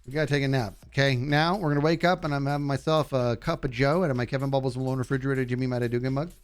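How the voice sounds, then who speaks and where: A man livestreams a game, racing through goofy live commentary in a smooth voice and chatting with his viewers as he plays. He talks straight to chat and his voice jumps high when he gets excited. Soft music plays in the background.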